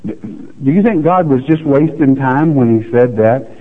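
A man's voice: medium pitch, lively intonation, a little slow. A man preaching a verse-by-verse Bible lesson with folksy, teasing asides. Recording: tinny phone-like audio.

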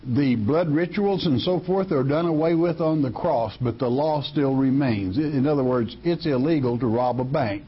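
A man's voice: medium pitch, moderate pace, few pauses, breathy edge, lo-fi sound. A man preaching a sermon in a folksy, emphatic way, often repeating words as he restarts a thought.

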